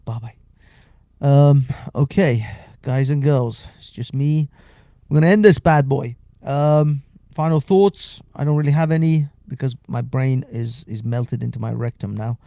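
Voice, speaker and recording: A man's voice: mid-range voice, steady tone, a little slow, mellow, dry recording. A man hosting a late-night live stream, sleep deprived, rambling and laughing often in casual chat.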